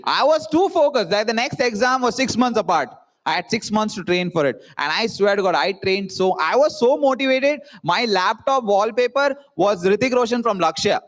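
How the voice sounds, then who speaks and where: Speaking briskly in a high voice with lively intonation, a young Indian man at a student event jokes at his own expense before a live audience. He acts out the voices of the people in his comic story.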